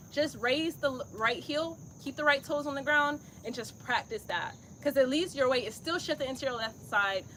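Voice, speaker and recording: Upbeat woman yoga instructor with a high, bright voice, chatty and encouraging, on a phone outdoors with faint crickets. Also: a little hiss or hum. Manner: chatty, encouraging, talks through her own effort. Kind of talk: live-streamed yoga class instruction.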